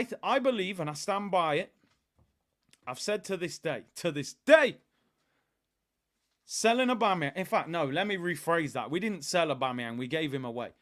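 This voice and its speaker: Man, London accent, live stream host, animated and chatty, a bit high-pitched, dry close sound. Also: dry recording. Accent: London English. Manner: animated, chatty, reads viewer comments aloud. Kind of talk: casual live watch-along chat.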